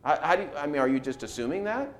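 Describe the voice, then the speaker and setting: A man leads a Bible class with a lively, swinging voice pitched a little high. He teaches through strings of rhetorical questions. He acts out the replies he quotes. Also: racing.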